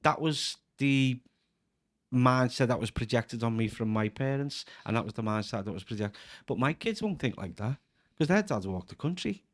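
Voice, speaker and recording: A man's voice: medium pitch, animated, moderate pace. A man with a Scouse accent, a comedian guest telling casual stories on a podcast, chatty and laughing often. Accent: Scouse (Liverpool). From Liverpool, England. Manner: chatty, breaks into laughter, leans on filler "like". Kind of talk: casual anecdotal storytelling.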